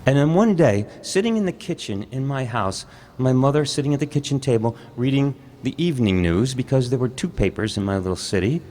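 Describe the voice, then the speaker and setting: A man performing a reflective personal story live on stage, measured and pausing. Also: mid-range voice, animated, mellow, a little hiss or hum.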